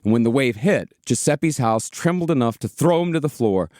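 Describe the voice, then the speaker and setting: A man hosting a comedic history podcast, telling the story in a steady way with casual swearing. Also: mid-range voice, normal speed, no echo, studio quality. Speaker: podcast host, narrator.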